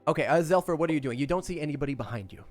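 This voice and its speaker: A man's voice: a little high, expressive, rapid-fire, soft background music. Laid-back man running a tabletop game. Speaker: game master.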